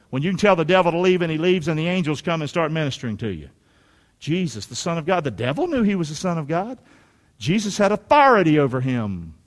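Man, pastor, sermon, big swings in pitch, long hall reverb. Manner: animated preaching, swinging between loud shouts and low quiet asides.

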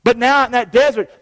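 A man preaching a sermon, folksy and conversational, reading scripture aloud and calling on the congregation to repeat after him. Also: very high-pitched. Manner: call-and-response, folksy, reads scripture aloud. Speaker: pastor. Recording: long reverb of a large hall.

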